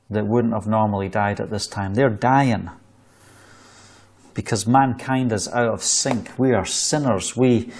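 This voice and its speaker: A man preaching an online sermon, fervent and repetitive, reading scripture aloud between his own exhortations. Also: on the high side. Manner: fervent, repeats phrases, reads scripture aloud.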